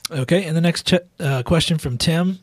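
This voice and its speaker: A man's voice: on the high side, fairly quick, breathy edge, dry recording. A man reading out viewer questions during a live lesson, speaking briefly and casually, a little away from the mic.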